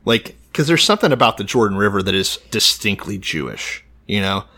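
Laid-back low-voiced podcast guy, reads stuff out loud. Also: sing-song, fairly quick, creaky. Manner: easygoing, reads passages aloud. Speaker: podcast co-host. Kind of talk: casual podcast chat.

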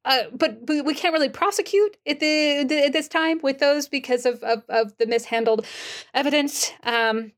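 Woman doing a nervous woman prosecutor in her forties, stutters and restarts constantly, pitched a bit high, tabletop game. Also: close to an everyday voice. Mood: flustered. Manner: halting, stuttering, flustered. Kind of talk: tabletop role-play.

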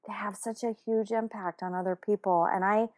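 A woman's voice: medium pitch, fairly quick. Chatty woman telling a story. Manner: animated, many fillers and restarts. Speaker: guest telling a personal story. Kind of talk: casual personal storytelling.

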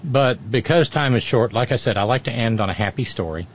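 A man's voice: mid-range voice, a little fast, muffled recording. A man giving wry, storytelling commentary as a regular on a radio talk show, often restarting his sentences.

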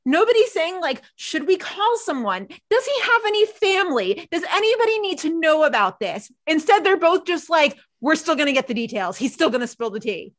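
A woman co-hosting a podcast, recapping a TV episode in casual chat, animated and laughing often as she acts out characters' lines. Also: high voice, fairly quick, few pauses. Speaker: podcast co-host.

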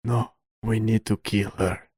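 A guest player, a man playing his character in a tabletop game, terse and halting. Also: fairly low pitch, level tone, a little mellow, breathy edge, no room sound, clean studio sound. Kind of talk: in-character tabletop role-play.

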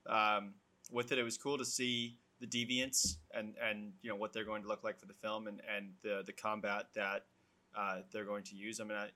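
Bright-voiced dude chatting, blunt and chill, swears a bit. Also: male voice, fairly low pitch, normal speed. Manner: relaxed, blunt, swears casually. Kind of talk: casual chat.

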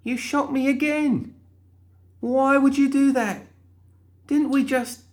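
In a storybook reading, a man performs a cheerful, prim young undead woman, pitching his voice above his natural one. The delivery runs high with wide swings in pitch at a moderate pace, sounding chirpy and sweetly indignant.

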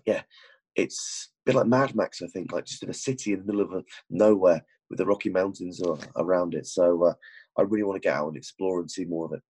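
A British man co-hosting a casual podcast chat, talking quietly from a hotel room in the early hours. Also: low-pitched, fast, slightly rough. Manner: hushed, keeping quiet at 4am. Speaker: podcast co-host.

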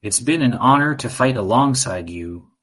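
A man voicing a calm, loyal male ninja warrior in a storybook, steady and reassuring. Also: mid-range voice, moderate pace.

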